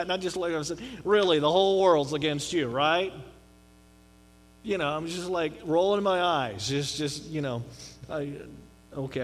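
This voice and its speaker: A man preaching a conversational sermon, swinging between quiet, low asides and emphatic rising declarations. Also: long reverb tail. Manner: conversational preaching with dramatic drops and rises. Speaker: pastor.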